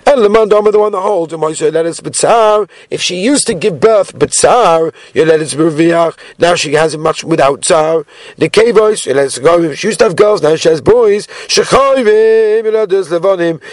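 Lively man teaching Talmud. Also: a little high, no echo. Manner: animated, mixes Hebrew into English, rhetorical questions. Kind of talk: daily Talmud class.

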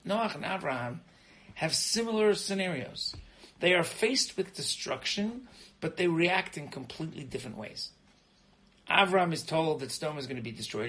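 Animated middle-aged rabbi teaching. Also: male voice, a little high, low-quality recording. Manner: animated, frequently asks "right?"; repeats words when starting sentences. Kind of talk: informal Torah lesson.

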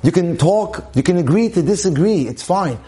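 A man's voice: high-pitched, expressive, moderate pace, dark tone. A man giving a sermon-style talk on marriage, emphatic and full of rhetorical questions. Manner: emphatic, repeats phrases, asks rhetorical questions.

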